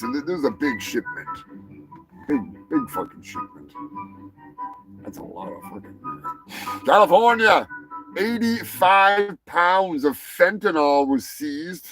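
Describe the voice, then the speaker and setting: A man's voice: on the high side, creaky. A male show host delivering a crude, sarcastic comedic news rant, swearing freely and mocking the stories he reads. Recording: music playing underneath.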